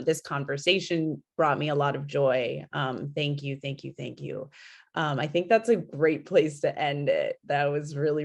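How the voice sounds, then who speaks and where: A woman's voice: low-pitched, creaky. A woman from California hosting a panel on a video call, talking effusively and gratefully. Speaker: host. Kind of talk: facilitating a panel discussion.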